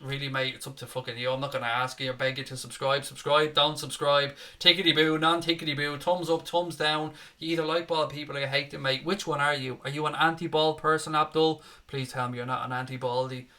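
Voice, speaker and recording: A man's voice: fairly high pitch, little pitch movement, a little fast, few pauses, sharp tone. A man hosting a live football watchalong, chatting casually and reading out viewer comments with a matey, joking manner. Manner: chatty, matey, jokey, says "mate" often.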